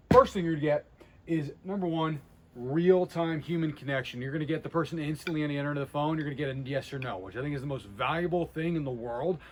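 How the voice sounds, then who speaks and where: A man giving a casual, energetic talk to camera on sales methods, blunt and quick to interrupt himself. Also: on the high side. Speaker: sales trainer.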